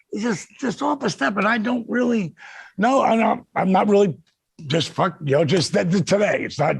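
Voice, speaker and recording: A man's voice: sits high, vocal fry, breathy edge, no room sound. A man hosting a podcast, telling a profane story in casual chat, swearing often and acting out the lines of others. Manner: animated, swears often, acts out shouted quotes. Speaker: podcast host.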